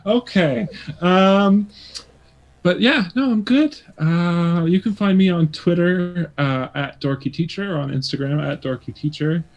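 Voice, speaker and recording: A man who is a guest player, chatting casually and bashfully, halting with frequent ums. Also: high-pitched, highs cut off. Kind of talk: casual stream chat.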